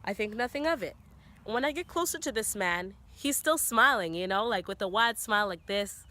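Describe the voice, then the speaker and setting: A woman's voice: medium pitch, normal speed, dry recording. A young woman tells a story outdoors in a forest, recorded on a camera on a tripod. She talks casually and fills her sentences with "you know" and "like", and her voice rises as the story builds. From Canada. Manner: chatty, heavy on "you know" and "like"; animated, voice rising as the story builds. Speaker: vlogger telling a story.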